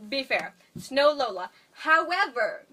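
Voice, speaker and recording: Bright-voiced young woman rambling casually. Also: high voice, big pitch swings. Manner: rambling, filler-heavy retelling with quick voices for characters. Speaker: podcast co-host. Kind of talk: casual movie recap chat.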